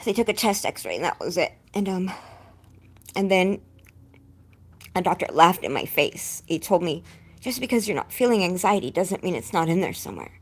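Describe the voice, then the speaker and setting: A young woman with a husky, low-set voice tells her viewers a painful story. She rambles and restarts, sounding shaken and close to tears. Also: very animated, moderate pace. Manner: distressed, rambling, breaks off to scold her dog. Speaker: vlogger.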